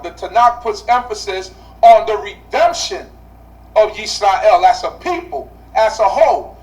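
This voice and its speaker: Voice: medium pitch, far from the mic, poor audio. A Bible study teacher speaking to a class, asking rhetorical questions and repeating key phrases for emphasis.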